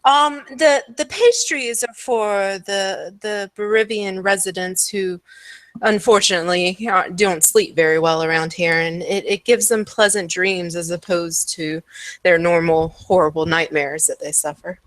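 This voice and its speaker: A woman's voice: fairly low pitch, fairly even intonation, unhurried, no echo, close to an everyday voice. A woman voicing a sweet-talking, sinister old woman who sells pastries, with a cooing, doting manner. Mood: chatty.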